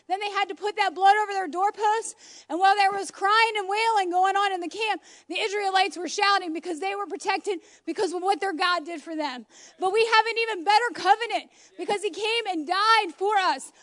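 A woman's voice: very high-pitched, fairly quick, fairly bright tone. A woman, a homeschool mom, giving an informal, passionate, exclamatory sermon into her phone at home.

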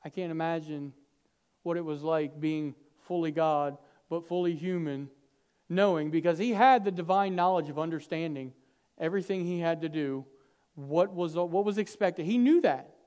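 A man preaching a sermon, swinging from hushed, intimate lines to loud, animated bursts, acting out quoted dialogue with humor. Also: a little high, normal speed, smooth.

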